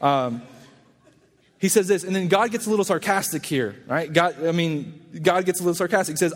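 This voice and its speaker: A man's voice: high voice, fairly quick. Man preaching in a reverberant hall. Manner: conversational, acts out quotes in lively voices. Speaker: pastor. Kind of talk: sermon.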